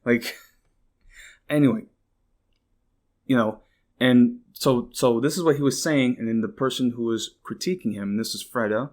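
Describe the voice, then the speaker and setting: A man at a middle pitch, talking off the cuff as a podcast host. He rambles through his points, swears freely and strings them together with constant "like"s. He turns indignant and bursts out in exclaims. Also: unhurried, long pauses, a little mellow. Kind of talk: casual political commentary.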